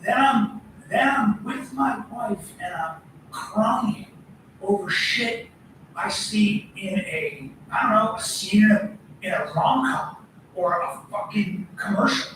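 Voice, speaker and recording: A middle-aged man co-hosting a podcast, telling animated stories in casual, swearing chat. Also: high-pitched, slow pace, distant mic, slight background noise. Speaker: podcast co-host. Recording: echoey room from off-mic.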